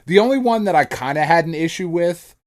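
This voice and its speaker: Animated, swearing male podcast co-host. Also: fairly high pitch, brisk. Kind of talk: casual chat.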